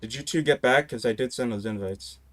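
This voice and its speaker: A man's voice: medium pitch, a little fast. A man from Canada playing a game with friends, giving practical directions in casual chat. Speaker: co-player.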